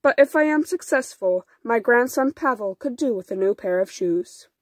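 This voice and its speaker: A kind, wise old man who speaks gently and calmly, as a woman reads him aloud. The voice stays fairly high and sounds close and dry. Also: moderate pace, no echo. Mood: gentle. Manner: gentle, calm. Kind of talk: storybook reading.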